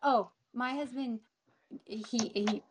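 A middle-aged woman talking as an interview guest, halting and restarting often as she searches for words. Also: on the high side, a crowd in the background. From northern Canada. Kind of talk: casual conversation.

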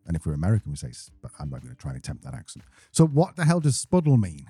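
A man's voice: low voice, huge pitch swings, fast talker, dark tone, slightly rough, no echo. A man co-hosting a podcast, joking bluntly and swearing freely. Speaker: podcast co-host. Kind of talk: casual podcast chat.

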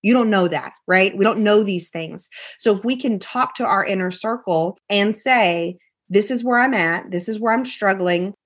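A woman's voice: mid-range voice, moderate pace, husky. A woman podcast guest giving candid, emphatic advice and acting out what her friends said. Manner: emphatic, repeats phrases, acts out friends' voices.

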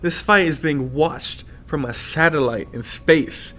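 A man casually recapping an anime episode with a co-host, acting out the characters' lines in quick put-on voices. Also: a little high, sharp tone, a little hiss or hum.

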